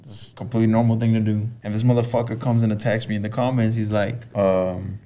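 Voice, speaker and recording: A young man in casual podcast chat, telling an animated story and cursing freely. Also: on the low side, quick pace. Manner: animated storyteller quoting others, swears freely.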